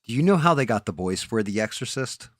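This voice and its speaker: A man's voice: mid-range voice, very animated, fast talker, no echo, studio quality. A man hosting a casual live stream, rambling and swearing casually as he tells a story against himself.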